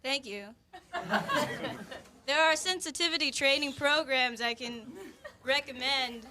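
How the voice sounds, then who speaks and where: A woman's voice: high-pitched, measured pace, crowd noise, noisy background. A woman playing a haughty male Norse thunder god in a live comedy sketch, stiff and indignant. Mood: dry. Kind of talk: live comedy character bit.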